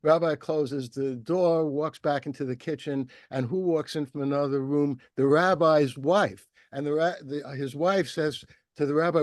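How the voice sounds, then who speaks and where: A man's voice: a little high, unhurried, no echo, clean studio sound. A man hosting an interview, fluently telling a joke to his guest. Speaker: interviewer and host.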